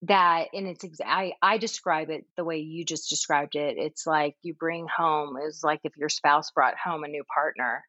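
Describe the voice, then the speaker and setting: A woman's voice: low-pitched, steady tone, normal speed, few pauses, sharp tone, no echo, highs cut off. A woman guest on a parenting talk show, explaining thoughtfully with everyday comparisons. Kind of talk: casual podcast chat.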